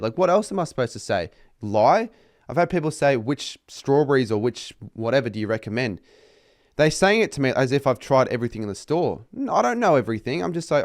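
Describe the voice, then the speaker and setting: A man's voice: medium pitch, big pitch swings, fairly quick, no room sound, clean studio sound. Sweary young Australian man ranting. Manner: sweary, exasperated, mocking customers in put-on voices. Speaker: vlogger. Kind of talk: casual rant to camera.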